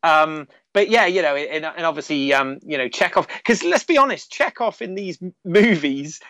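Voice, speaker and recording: A man's voice: fairly high pitch, animated, moderate pace, bright, forceful tone, no echo. A man chatting casually about a film, rambling with many fillers and asides. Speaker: podcast co-host.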